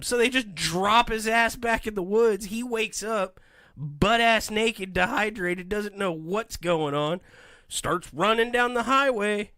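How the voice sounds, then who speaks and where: A man hosting a podcast, telling stories in an animated, rambling way in a casual comedic chat. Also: sits high, measured pace, dry recording. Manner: animated, rambling storytelling with voices. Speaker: podcast host.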